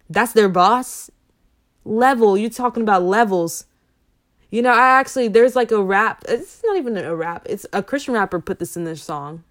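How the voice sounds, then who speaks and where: Woman minister, casual faith talk; rambling, filler-heavy, emphatic when fired up. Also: medium pitch. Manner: chatty, rambling with many fillers; animated, preachy emphasis.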